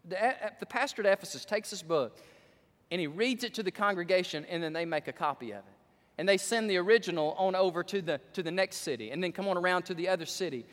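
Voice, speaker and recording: A man's voice: sits high, fast talker, fairly bright tone, big-room sound. A male pastor preaching a sermon with emphatic delivery, drawing out the words he stresses.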